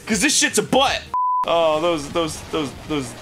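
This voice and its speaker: A young man co-hosting a casual gaming chat, loud, profane and quick to laugh. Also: a little high, sing-song, noisy background. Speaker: co-host. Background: game music.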